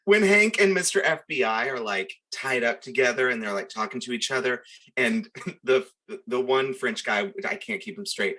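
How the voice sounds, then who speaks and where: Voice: medium pitch, lively intonation, normal speed, sharp tone. A podcast co-host chatting casually about a soap opera episode, wry and sarcastic, laughing along.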